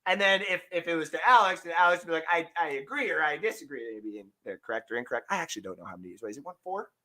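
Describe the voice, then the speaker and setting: A man hosting a casual sports podcast, rambling and joking, breaking into shouted bits. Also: on the high side, expressive, very fast. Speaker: podcast host.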